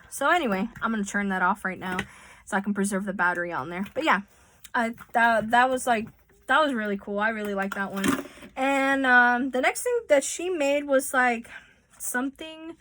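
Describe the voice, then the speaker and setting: A woman's voice: fairly high pitch, fairly bright tone, dry recording. A woman chatting casually in a home vlog as she shows off gifts, with many fillers and restarts. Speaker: vlogger showing gifts. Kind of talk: casual show-and-tell. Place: home room. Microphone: phone.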